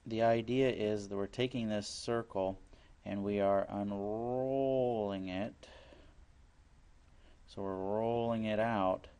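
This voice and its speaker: Low-voiced male teacher walking through a math lesson, plain and patient, repeats key steps. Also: a little mellow, clean tone. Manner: plain explanatory, repeats steps, works problems aloud.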